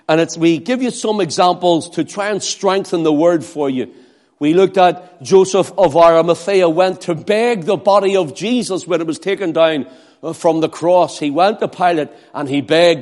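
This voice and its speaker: A male preacher with a high-pitched voice. He delivers the sermon dramatically, acting out the cries of a crowd and the pleas of beggars. His voice climbs sharply on the acted shouts and drops low and quiet between them.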